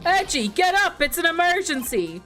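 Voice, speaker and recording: Woman doing a blustering, goofy young man in a panic, high-pitched, for a video game. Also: big pitch swings, normal speed, fairly bright tone, soft background music, full character voice. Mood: panicky. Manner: frantic and blustering.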